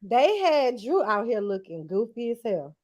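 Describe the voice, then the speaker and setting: A woman's voice: fairly high pitch, very animated, unhurried, a little mellow. A woman co-hosting a casual reality-TV recap chat, blunt and slangy, laughing often. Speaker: podcast co-host.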